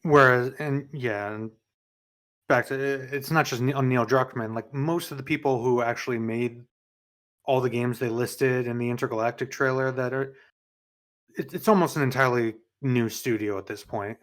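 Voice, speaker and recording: A man's voice: mid-range voice, fairly even intonation, normal speed, a bit bright. New york guy on a game podcast, rambly, keeps correcting himself. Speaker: podcast co-host. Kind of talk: casual chat.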